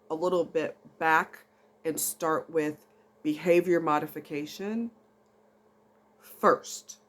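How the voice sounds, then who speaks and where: Chatty woman vlogging, twang. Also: low voice. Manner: chatty, rambling, getting emotional and laughing. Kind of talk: casual talk to camera.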